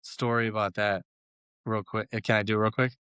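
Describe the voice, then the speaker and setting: A man's voice: fairly low pitch, little pitch movement, a little fast, a bit bright, clear, resonant tone, no echo, clean studio sound. A man co-hosting a casual podcast chat, telling stories animatedly and acting out quotes with laughs. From Los Angeles. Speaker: guest cohost.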